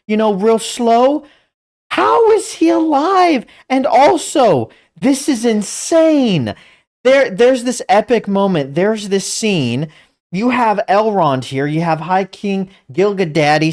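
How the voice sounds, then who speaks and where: A woman hosting a reaction video, talking excitedly, stammering in disbelief and laughing as she comments. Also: medium pitch. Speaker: channel host.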